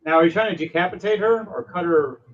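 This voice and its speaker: Excitable, rambling male game master. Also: high-pitched, fast talker. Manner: excitable, rambling narration with many fillers. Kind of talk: narrating a tabletop game. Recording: dull lo-fi sound, faint music.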